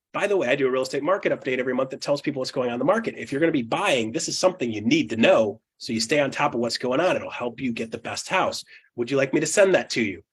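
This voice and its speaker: A man coaching real estate agents in a fast, punchy teaching talk, acting out client dialogue and often adding a quick "okay?" or "right?". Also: a little high, slightly rough. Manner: fast and punchy, with frequent tag questions.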